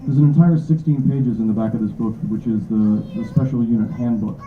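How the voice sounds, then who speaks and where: A man's voice: mid-range voice, a little fast. A man, an author at a bookstore signing, chatting casually and self-deprecatingly to an audience. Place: bookstore event room. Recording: echoey, tinny phone-like audio with faint noise.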